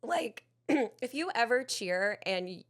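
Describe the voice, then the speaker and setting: A woman's voice: a little high, expressive, slow. A woman co-hosting a podcast, telling a story animatedly, acting out quotes and laughing often. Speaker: podcast co-host. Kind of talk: casual chat, storytelling.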